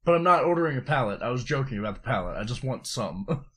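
A man's voice: medium pitch, sing-song, brisk, fairly bright tone, slightly rough. A man co-hosting a casual podcast, playful and laughing often. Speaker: podcast co-host.

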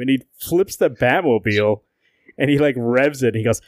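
A man's voice: mid-range voice, a little fast, no echo, studio quality. A man co-hosting a casual podcast, swearing and laughing as he reads out lines. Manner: profane, laughing, animated when reading quotes. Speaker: podcast co-host.

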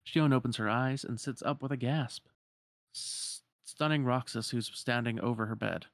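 A man's voice: medium pitch, steady tone, moderate pace, no room sound, studio quality. A man narrating a video game story in plain, casual storytelling with a few fillers.

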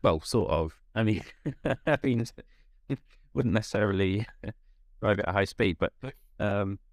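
A man's voice: lowish voice, a little slow, no echo, clean studio sound. A man co-hosting a casual podcast, ranting in an exasperated, rambling way. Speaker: podcast co-host. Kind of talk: casual chat.

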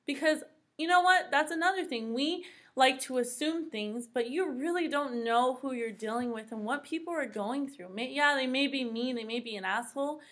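Earnest woman with a high voice, podcast guest. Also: moderate pace, fairly bright tone. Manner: earnest, heartfelt, speaks in long stretches. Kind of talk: casual podcast conversation.

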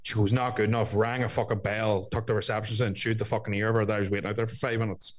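A man's voice: fairly low pitch, level tone, rapid-fire, slight background noise, rough recording. A man telling a story in casual podcast chat, swearing a lot and acting out the people in it.

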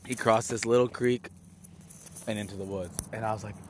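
A young man casually telling a story, rambling and excitable, with many restarts and fillers. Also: fairly low pitch, fast talker, noisy background.

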